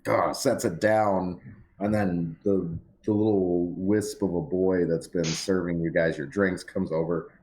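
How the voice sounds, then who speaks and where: Deep-voiced man running a tabletop game. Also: fairly even intonation, darkish tone, a little hiss or hum. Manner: measured, thoughtful in-character monologues. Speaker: game master.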